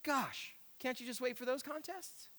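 Animated male preacher in an echoing hall. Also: very high voice, moderate pace. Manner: animated, emphatic, repeats key phrases. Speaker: pastor. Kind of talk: sermon. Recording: echoey hall.

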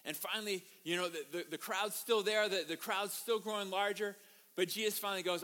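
A man pastor delivering a sermon in a high, bright, forceful voice. He tells stories with animation and keeps turning to the congregation with rhetorical questions. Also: fairly quick. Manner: animated storytelling, asks the audience rhetorical questions.

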